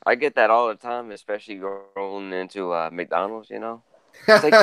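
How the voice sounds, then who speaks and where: An easygoing man chatting casually, now and then mumbling softly. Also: fairly low pitch, expressive, moderate pace. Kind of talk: casual chat.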